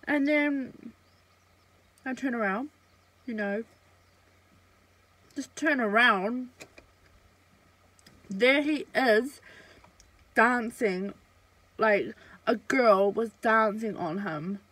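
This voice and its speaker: A woman's voice: a little high, drawn-out words, long pauses, a bit bright, dry recording, low-quality recording. A young woman, telling a story in a casual, chatty way with lots of fillers and swearing. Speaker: vlogger.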